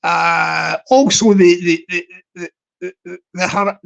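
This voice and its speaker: A man's voice: sits high, fairly even intonation, gravelly, a bit bright, low-quality recording. A man talks to his live stream in a loose, rambling way. He stalls on fillers and restarts often, and he repeats his points over and over. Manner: halting, repetitive, many fillers and restarts.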